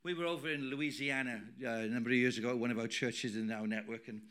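A middle-aged man preaching a sermon in a church, emphatic, swinging between loud declarations and quiet asides. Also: mid-range voice, steady tone, fast talker, clear, resonant tone. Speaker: pastor.

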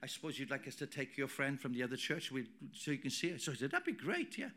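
A middle-aged man preaching a sermon in a church, emphatic, swinging between loud declarations and quiet asides. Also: medium pitch, fairly even intonation, quick pace. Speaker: pastor.

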